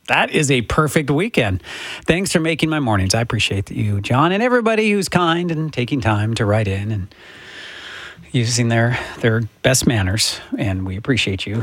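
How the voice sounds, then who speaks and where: Lively husky-voiced male radio host. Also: mid-range voice, dry recording. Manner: relaxed, jokey, thanks listeners and crew by name. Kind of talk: casual radio show chat. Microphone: studio microphone.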